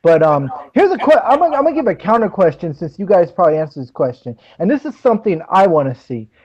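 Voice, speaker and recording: An excitable man guesting on a casual podcast chat, speaking in a high voice. He is earnest and laughs easily. The sound is muffled and lo-fi. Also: fast talker.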